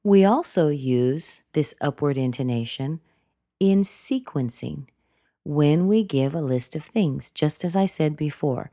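A woman teaching English pronunciation, explaining intonation clearly and deliberately. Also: low voice, dark tone, dry recording, clean studio sound. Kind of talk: scripted teaching narration.

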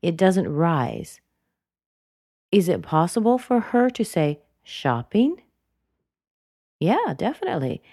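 A woman teaching English intonation, repeating single words slowly to show how they rise and fall. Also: fairly low pitch, very animated, mellow, no echo, clean studio sound. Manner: slow and deliberate, repeating words to model intonation. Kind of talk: explaining intonation.

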